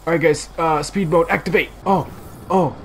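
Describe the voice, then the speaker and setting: A man commentating on his own gameplay in a casual, excitable, goofy way. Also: on the high side, a little hiss or hum. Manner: excitable and goofy, with quick bursts of exclamations. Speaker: gaming video host.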